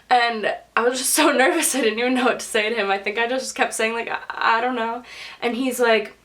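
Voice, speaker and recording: A woman's voice: fairly high pitch, fairly quick, a bit bright. A young woman telling a personal story to camera in a chatty vlog style, filling her sentences with "like" and acting out what people said. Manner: chatty, lots of "like", quotes people in put-on voices. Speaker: vlogger.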